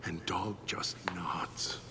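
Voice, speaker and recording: An actor playing a bitter, hateful male super mutant alter ego in a video game, slow and seething, dropping into rasping whispers. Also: sits low, steady tone. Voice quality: gravelly, slow and brooding. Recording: clear background noise in game audio.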